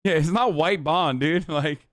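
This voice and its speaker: A man's voice: a little high, unhurried, no room sound, studio quality. A man streaming live on a desk microphone, reacting to a video with blunt, profane, exasperated commentary.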